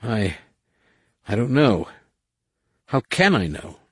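A young man in pain speaks in a raspy, strained voice, short of breath and pushed higher than the reader's own, as a male audiobook reader acts him out. Underneath it stays husky. The sound is dry and close. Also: very animated, slow pace, no room sound, heavily acted. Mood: strained pleading. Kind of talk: audiobook narration.

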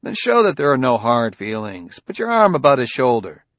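A man voicing a shrewd male detective who presses a suspect in a firm, measured, needling way. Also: medium pitch, very animated, fairly bright tone, no echo.

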